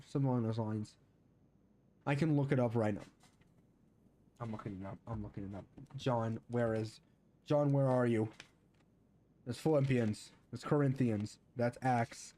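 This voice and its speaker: Male streamer, casual gaming chat, mellow and rambling. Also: medium pitch, normal speed. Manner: rambling, thinking aloud.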